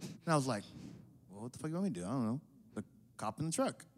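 Animated laughing storyteller man. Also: medium pitch, fast, in a large hall. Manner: laughing, animated, swears freely. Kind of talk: casual chat, storytelling.

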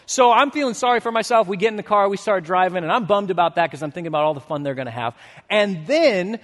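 Animated, high-voiced pastor in a reverberant hall. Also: male voice, fast talker. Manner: storytelling, swinging from animated to hushed and earnest. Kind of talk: sermon.

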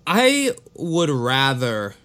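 A man's voice: mid-range voice, huge pitch swings, extremely slow, pushed and bright. A man co-hosting a casual true-crime podcast, reading case notes and breaking off into profane, offhand asides. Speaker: podcast co-host.

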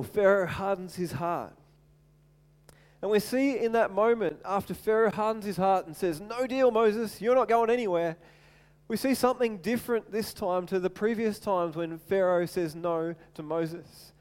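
A man preaching a sermon as animated storytelling, acting out voices and often repeating words, in a large hall with long reverb. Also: high-pitched, clean tone.

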